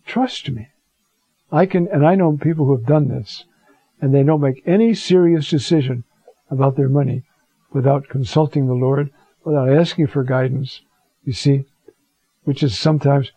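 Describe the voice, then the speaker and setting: A male priest preaches in a loose, conversational way and lifts into emphatic readings when he quotes scripture. His voice sits fairly high for a man but sounds warm and mellow. The recording is dull and muffled. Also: breathy edge, dry recording. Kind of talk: sermon.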